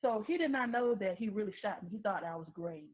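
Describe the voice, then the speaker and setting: A woman giving a personal testimony, talking haltingly with many restarts and repeated words. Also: medium pitch, expressive. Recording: tinny phone-like recording.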